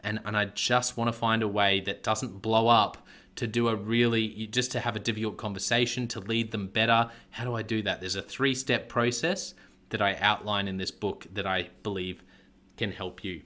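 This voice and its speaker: A man's voice: on the low side, steady tone, normal speed, pushed and bright. An Australian man hosting a leadership podcast, chatty and laughing often as he chats with a guest. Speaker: podcast host. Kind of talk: casual podcast interview.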